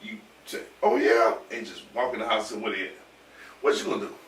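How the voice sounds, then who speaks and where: A man telling a rowdy story in casual chat, animated, laughing and swearing as he goes. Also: on the low side, fast talker, slight background noise. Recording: roomy echo from far off with faint ambience.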